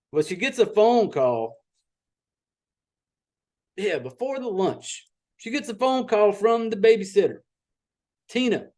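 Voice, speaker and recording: High-voiced Southern man recapping a movie. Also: darkish tone. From Southern United States. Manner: profane, rambling storyteller. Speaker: podcast host.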